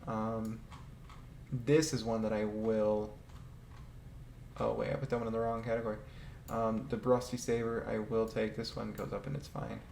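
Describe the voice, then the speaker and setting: A man's voice: fairly low pitch, flat delivery, normal speed, vocal fry, a little mellow. A man casually ranking game vehicles, rambling and hesitant, swearing now and then and laughing often. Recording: echoey room with faint ambient noise.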